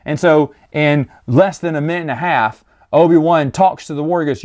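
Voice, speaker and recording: A man's voice: fairly high pitch, quick pace, a little mellow. A man hosting a casual review monologue, rambling with jokey, exasperated asides. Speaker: host reviewing stories.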